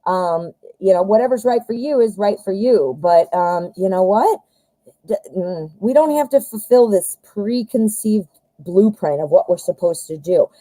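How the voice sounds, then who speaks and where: Casting note: woman tarot reader on a live stream, mellow tone, dry close sound, encouraging and chatty. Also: medium pitch, lively intonation, a little slow, no echo, low-quality recording.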